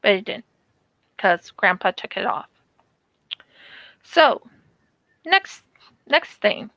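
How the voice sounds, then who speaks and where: An American woman vlogger chats casually about her childhood memories while crafting, speaking slowly in a mid-range voice with no echo. She's animated and acts out the quotes in her stories as she goes.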